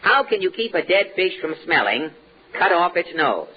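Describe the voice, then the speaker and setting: A man hosting a 1940s radio comedy, wisecracking and halting with frequent uhs before a studio audience. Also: high-pitched, sing-song. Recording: dull old radio broadcast with hiss and live audience.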